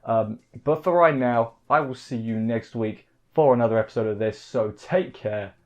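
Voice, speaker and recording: A man talks through his thoughts at a middle pitch, looping back on himself with fillers and false starts. The recording is a little dull and lo-fi, with the top end softened. It sounds like an easygoing, off-the-cuff video review. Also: moderate pace. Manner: rambling, heavy on fillers and restarts. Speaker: anime reviewer. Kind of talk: casual video review talk.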